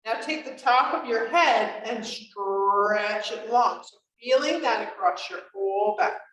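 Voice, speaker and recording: A woman guides a chair yoga class in an unhurried, slightly high voice, chatty and encouraging. She sounds a little distant from the mic. The room around her is echoey. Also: a bit bright. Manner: encouraging, chatty, laughs often.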